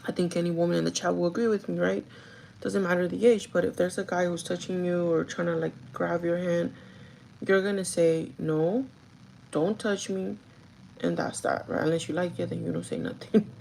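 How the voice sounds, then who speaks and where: A woman's voice: on the low side, flat delivery, a little fast, vocal fry, a little mellow, a little hiss or hum, rough recording. A woman who works as a store manager tells a casual, gossipy story to her livestream chat, full of "like" and the odd swear word. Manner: chatty and gossipy, with frequent "like" and swearing.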